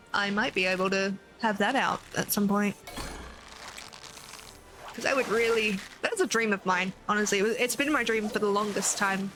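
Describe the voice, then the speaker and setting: An Australian woman chatting casually to viewers on a live game stream, swearing freely and thanking viewers as she plays. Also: medium pitch. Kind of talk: casual live-stream chat while gaming.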